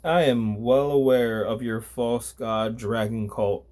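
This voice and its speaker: A man doing a calm, stern archangel, Gabriel. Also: medium pitch, slow pace, lightly acted. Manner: composed, lofty, scolding.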